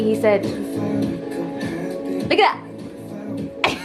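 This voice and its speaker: A woman's voice: mid-range voice, over loud music. A young woman, chatting casually and laughing easily as she reacts to and reviews a film. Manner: chatty, animated, quick to laugh. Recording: roomy echo.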